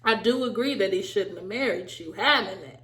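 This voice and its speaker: A woman giving a casual, animated recap of a reality show, talking straight to her viewers with a sassy edge. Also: mid-range voice, brisk, roomy sound. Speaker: recap vlogger.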